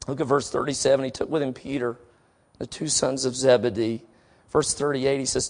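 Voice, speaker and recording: A middle-aged man preaching a sermon, swinging from soft, slow passages to emphatic exhortation, and reading scripture aloud deliberately. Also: medium pitch, steady tone, gravelly. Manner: reads scripture aloud slowly.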